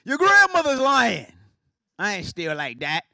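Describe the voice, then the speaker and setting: A man voicing an amused old grandfather, chuckling and drawling slowly. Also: extremely high pitch, wildly swooping pitch, gravelly, pushed and bright, dry recording, voice pushed up, heavily acted. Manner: chuckling, slow, drawn-out.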